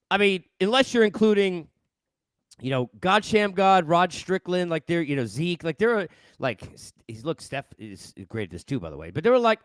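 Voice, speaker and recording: A man's voice: a little high, clean tone, dry recording. A middle-aged man from New York, a sports host, ranting casually into a headset mic with exasperated rhetorical questions.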